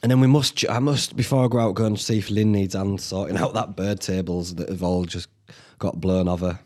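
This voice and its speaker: Sweary, chatty host. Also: male voice, low voice, fairly even intonation, fairly quick, a little mellow. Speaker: podcast host. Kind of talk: casual solo podcast chat. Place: indoors at home.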